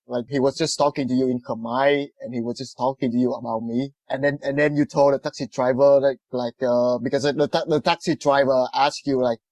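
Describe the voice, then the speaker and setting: A comedian from Vietnam telling an anecdote in casual chat, halting and repeating his words. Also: medium pitch, steady tone, a little mellow, no echo.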